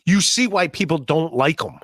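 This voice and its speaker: A man hosts a podcast, chatting casually and rambling with many fillers and restarts. His voice is a little high, animated, and fairly bright at a moderate pace, recorded dry in clean studio sound.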